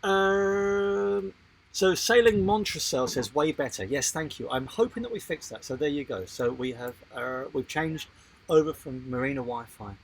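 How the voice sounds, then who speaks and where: A man co-hosting a casual live-stream chat about sailing, animated and jokey, reading out viewer comments. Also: fairly high pitch, unhurried, vocal fry, breathy edge, poor audio. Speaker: sailing channel co-host.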